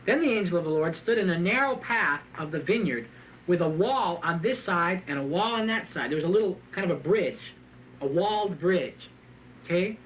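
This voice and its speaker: A man preaching a sermon, reading scripture and then retelling it in a joking, animated way with frequent laughs. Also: high voice, normal speed, slight background noise, low-quality recording. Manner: animated, joking, laughs often at his own asides; reads scripture aloud and then retells it in plain talk. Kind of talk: sermon with Bible reading and commentary.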